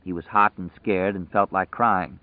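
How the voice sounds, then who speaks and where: Low-voiced male audiobook narrator. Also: steady tone, dry recording. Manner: measured, vivid storytelling. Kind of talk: scripted narration. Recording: tinny phone-like audio, dry.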